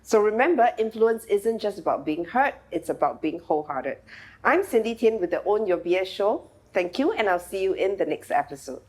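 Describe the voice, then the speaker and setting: A woman's voice: mid-range voice, big pitch swings, normal speed, husky. A woman hosting a podcast interview, affirming and effusive toward her guest. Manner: warmly affirming, effusive praise. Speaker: podcast host. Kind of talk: interview and show outro.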